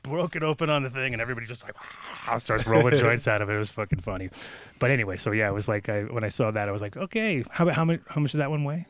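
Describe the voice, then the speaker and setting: A man telling a story in casual chat, animated and swearing, acting out quotes with sudden jumps in pitch. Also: very fast. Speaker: podcast guest telling a story.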